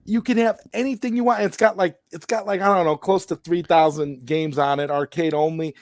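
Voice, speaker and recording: A man's voice: a little high, fairly even intonation, fairly quick, no echo, clean studio sound. A man hosting a late-night chat, talking casually and with enthusiasm, often repeating himself. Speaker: host.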